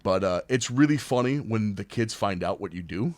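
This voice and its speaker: Animated young man telling stories. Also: fairly low pitch, normal speed, no echo, clean studio sound. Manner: animated storyteller, acts out quoted voices loudly. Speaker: podcast guest. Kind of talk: casual chat.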